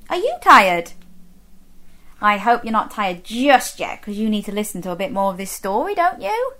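A woman reading a picture book aloud to young children, animated and sing-song, coaxing them to join in. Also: medium pitch, measured pace. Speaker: children's storyteller.

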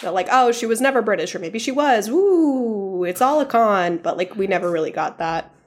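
A woman's voice: mid-range voice, expressive, moderate pace. A woman co-hosting a book podcast in casual chat, recapping a movie in a conversational way. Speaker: podcast co-host.

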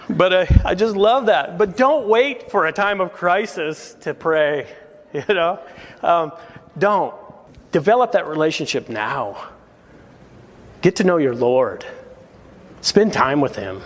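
A man preaching from a church pulpit, earnest and exhorting, his voice a touch high for a man. He breaks into short chuckles between his points. A long reverb hangs on every word in the sanctuary. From United States. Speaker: pastor. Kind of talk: sermon.

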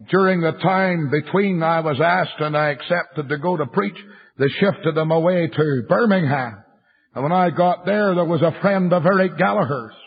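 An older man preaching a fiery revival sermon, telling stories and rising into shouts. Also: fairly high pitch, husky. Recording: muffled lo-fi sermon recording.

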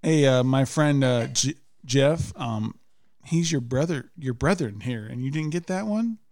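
A man's voice: medium pitch, animated, unhurried, a little mellow. A man hosting a podcast and running a quiz game for his guests, joking and laughing between questions. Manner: playful, laughing quiz-master. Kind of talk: casual studio banter.

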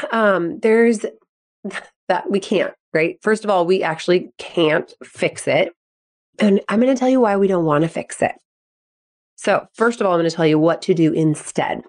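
A woman in her thirties hosting an advice podcast as a sports psychology coach, upbeat and expressive, acting out quotes in a higher voice. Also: moderate pace.

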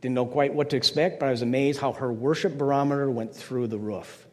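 A man's voice: mid-range voice, steady tone, a little fast, a little mellow, in a large hall. An older man preaching a conversational sermon as pastor, playful, slipping into mock voices to make his points.

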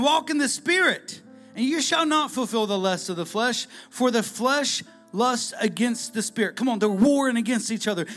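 A man preaching a sermon, casual and conversational, swinging between loud bursts and hushed asides. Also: sits high. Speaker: pastor.

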